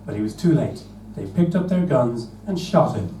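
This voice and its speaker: A man's voice: medium pitch, moderate pace, far from the mic. A man improvising a comic story on a live stage, laughing as he goes. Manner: lively, laughing at his own jokes. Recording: roomy live stage, from afar, noisy.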